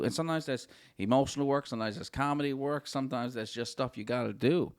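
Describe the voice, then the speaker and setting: A man's voice: mid-range voice, fast talker, few pauses, no echo, clean studio sound. A man talking as a podcast guest, earnest and encouraging, repeating his points for emphasis. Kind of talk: casual conversation.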